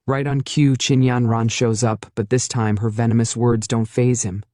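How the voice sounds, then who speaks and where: A man's voice: mid-range voice, steady tone, normal speed, few pauses, darkish tone, dry recording, clean studio sound. A man narrating a comic recap as dramatic storytelling.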